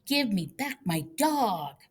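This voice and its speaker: A woman voicing a distraught young boy pleading and arguing to get his dog back, her voice raised high. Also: very animated, slow, breathy edge, full character voice. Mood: insistent. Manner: pleading, rising to tearful cries.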